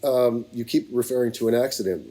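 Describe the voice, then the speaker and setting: A man hosting a podcast, calmly asking a guest questions. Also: medium pitch, brisk. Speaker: podcast host. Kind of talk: casual interview questions.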